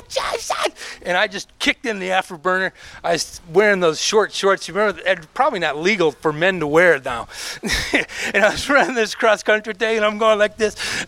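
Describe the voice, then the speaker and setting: A middle-aged male pastor preaches with a voice pitched a little higher than most men's. He moves between relaxed, conversational storytelling and loud, emphatic exhortation. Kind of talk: sermon.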